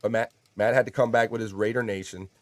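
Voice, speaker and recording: A man's voice: on the low side, steady tone, fast, dry recording. A man hosting a casual livestream, chatting and reading viewer comments aloud in a jokey, playful way. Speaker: livestream host.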